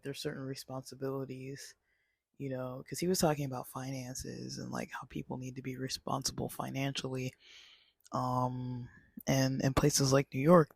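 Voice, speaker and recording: A man's voice: mid-range voice, vocal fry, husky, no echo. A man casually reviewing a movie, rambling with many fillers and restarts. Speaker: channel host.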